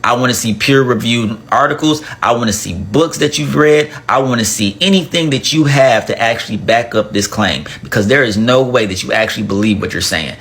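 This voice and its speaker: A man's voice: medium pitch, fairly quick, few pauses, fairly bright tone. A man gives a sarcastic reaction rant to camera and demands evidence over and over. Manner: demanding, sarcastic, repeats himself. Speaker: commentator.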